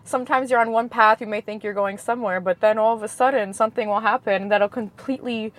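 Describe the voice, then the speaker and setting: A woman from Queens, New York, chatting as a guest, an animated storyteller who acts out the dialogue in her stories and laughs often. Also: a little high, quick pace, poor audio. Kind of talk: casual chat. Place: in a car.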